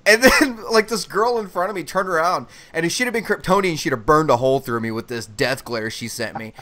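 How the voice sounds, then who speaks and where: A man co-hosting a casual online chat, telling a long story in an animated, profane way and acting out what people said. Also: high-pitched, a little fast. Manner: animated, profane, acts out quotes. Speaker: podcast co-host.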